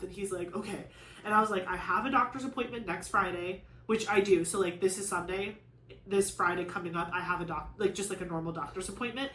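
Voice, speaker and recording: A woman's voice: medium pitch, fairly quick, fairly bright tone. Chatty young woman with filler-heavy rambling. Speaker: crafting vlogger. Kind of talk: casual chat to camera. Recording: echoey room with faint noise.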